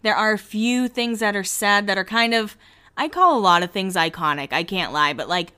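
A chatty woman hosts a casual podcast, gossiping playfully through a TV recap. Her voice is bright and smooth. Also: medium pitch, expressive, moderate pace. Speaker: podcast host.

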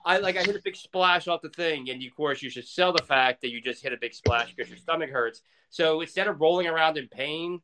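Brief: male wrestler guest, fairly high, forceful voice; intense, swearing, rambling. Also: poor audio. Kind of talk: casual podcast interview.

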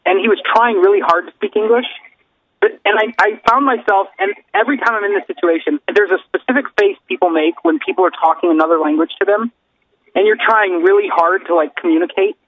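A man with a high voice co-hosts a casual podcast, riffing on everyday observations. His sound is dull and lo-fi, with the top end muffled. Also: fairly quick. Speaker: podcast co-host. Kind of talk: casual comedic chat.

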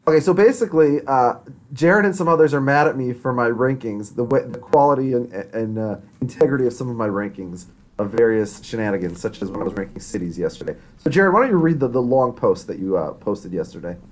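A man hosting a podcast in casual chat, quick and animated, laughing often. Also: medium pitch, a little hiss or hum. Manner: fast, animated, laughs a lot. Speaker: podcast host.

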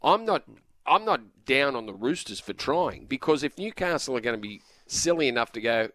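Measured radio co-host. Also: male voice, medium pitch, big pitch swings, a bit bright, no room sound. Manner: measured, argues the other side. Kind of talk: sports radio banter. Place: radio studio. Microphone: studio microphone.

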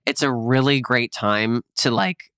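A man co-hosts a podcast in casual, upbeat, encouraging chat, speaking a little slowly at medium pitch with a fairly bright tone. The sound is clean, dry, and studio quality.

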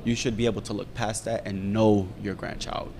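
A young man in casual chat, candidly telling a story, profane and animated as he talks. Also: moderate pace. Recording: roomy reverb with faint rumble.

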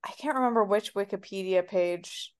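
A woman's voice: mid-range voice, moderate pace, clean tone. A woman co-hosting a podcast, joking playfully and swearing casually as she recaps a TV episode. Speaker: podcast co-host.

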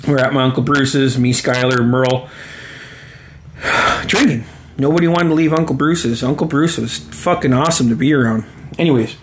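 A man's voice: medium pitch, normal speed, a little hiss or hum. Man in his forties telling profane stories. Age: 40s. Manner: profane, laughing, rambling. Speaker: storyteller. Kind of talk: casual spoken storytelling.

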